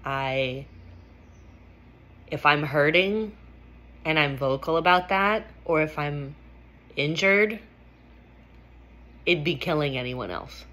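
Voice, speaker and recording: A woman's voice: sits low, takes it slowly, pauses often, fairly bright tone. A woman vlogger telling a personal story in a candid, emphatic way, swearing freely.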